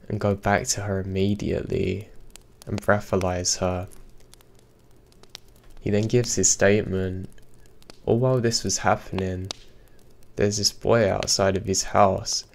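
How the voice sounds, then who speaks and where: A man reading true scary stories aloud in a steady, even storytelling delivery. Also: on the low side, slow, creaky, pauses often, a little hiss or hum. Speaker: horror story narrator. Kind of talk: scripted narration.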